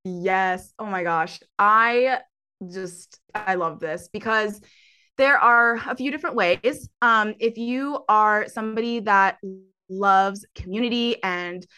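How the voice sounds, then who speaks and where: A woman coach talking casually in an interview, animated and laughing often. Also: mid-range voice, slow pace, clear, resonant tone. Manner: animated, laughs often, acts out her own past voice.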